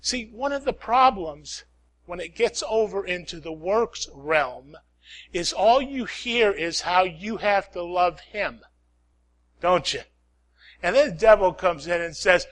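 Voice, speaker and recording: A man preaching a sermon, swinging from loud calls to hushed prayer, repeating lines and asking "Amen?". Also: high-pitched, animated, a little slow.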